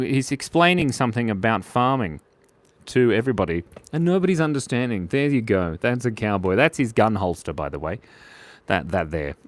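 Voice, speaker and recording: Giggly Australian man with lively pitch. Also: dry recording. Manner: playful and giggly, joking with viewers. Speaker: host of a live drawing stream. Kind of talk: casual live drawing chat.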